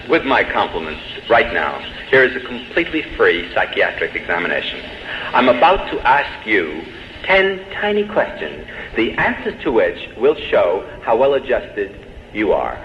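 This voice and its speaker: A man giving a humorous public lecture to a live audience, telling jokes and putting rhetorical questions to his listeners. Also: mid-range voice. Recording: dull old tape in an echoey hall, faint hiss.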